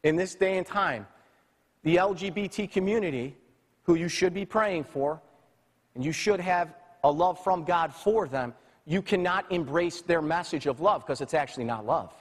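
Preaching man in a reverberant hall. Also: normal speed. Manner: swings from soft, low passages to loud, high-pitched preaching. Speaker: pastor. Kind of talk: sermon.

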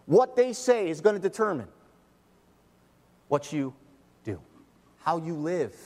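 A middle-aged man preaching a sermon as pastor, emphatic, swinging between loud and soft. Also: on the high side, big pitch swings, slow pace, big-room sound. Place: church.

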